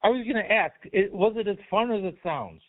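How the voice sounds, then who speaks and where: A man's voice: sits high, lively intonation, a little fast. A male host adds brief, encouraging comments to the conversation. His voice comes through a thin, phone-like line. He also sounds slightly away from the mic. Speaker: interviewer, host. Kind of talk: casual interview.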